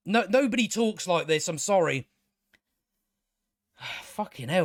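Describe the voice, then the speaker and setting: Man, fairly high voice, ranting, swears a lot, dry close sound. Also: expressive, slow, long pauses, dry recording. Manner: exasperated, ranting, swears freely. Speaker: show reviewer. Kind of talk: casual spoken review.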